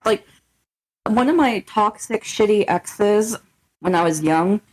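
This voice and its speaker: A woman's voice: medium pitch, slow, a little mellow. A young woman co-hosting a podcast in casual chat, blunt and swearing freely as she acts out quoted exchanges. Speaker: podcast co-host.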